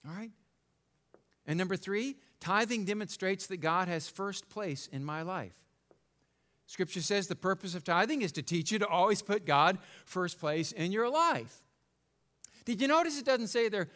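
A male pastor preaching a sermon in an animated, conversational way, joking and checking in with the congregation. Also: sits high, moderate pace.

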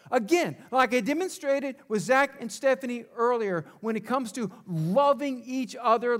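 A man's voice: very high-pitched, a bit bright. A male pastor preaching a sermon, asking rhetorical questions and leading the congregation in call-and-response.

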